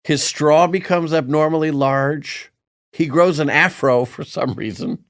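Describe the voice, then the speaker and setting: A man co-hosting a podcast in casual chat, animated and quick to joke and riff. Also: on the high side, dry recording, clean studio sound. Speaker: podcast co-host.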